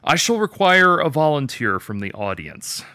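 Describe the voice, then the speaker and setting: A man's voice: on the high side, very animated, moderate pace, bright, forceful tone, dry recording, voice pushed up, full character voice. A man voicing a desperate, hungry male artist who speaks theatrically to his audience.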